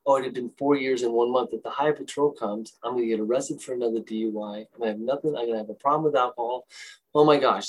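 A man's voice: medium pitch, steady tone, fast talker, poor audio. A man in his fifties or older, a recovering alcoholic, earnestly telling his own story of recovery in a talk. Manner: earnest, confessional, emotional storytelling.

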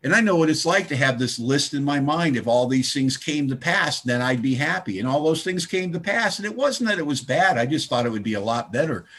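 A man's voice: fairly high pitch, expressive, fairly quick, few pauses, a bit bright, husky. A middle-aged man speaking at a recovery meeting, telling his story with wry, self-mocking humor.

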